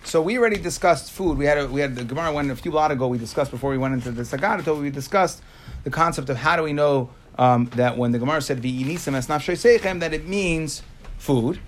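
A man's voice: fairly high pitch, fast, a little hiss or hum. Man teaching a Talmud class. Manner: explains in bursts, asks rhetorical questions and answers them.

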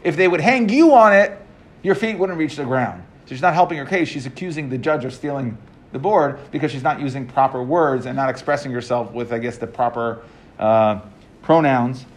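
A man giving a casual class, reading lines of an old text aloud and then unpacking them in plain English. He talks at an everyday middle pitch, stopping and restarting as he works through each point. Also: normal speed. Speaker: Talmud teacher.

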